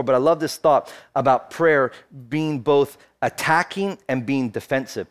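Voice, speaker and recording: A man in his thirties preaching a sermon as pastor, telling a personal story and building to fervent exhortation. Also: on the high side. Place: church, streamed online.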